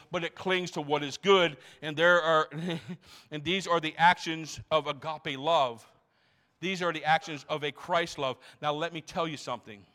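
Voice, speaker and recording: A man's voice: on the high side, fairly bright tone, clean tone. A man in his sixties, a pastor preaching to a congregation in church, emphatic, asking rhetorical questions and repeating words. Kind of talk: sermon.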